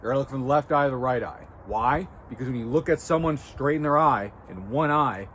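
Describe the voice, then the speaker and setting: A man's voice: mid-range voice, brisk, background noise. A man hosting a self-improvement video, coaching the viewer in a blunt, direct way and often checking in with "okay?" and "right?". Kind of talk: casual coaching talk to camera. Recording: music playing clearly behind him.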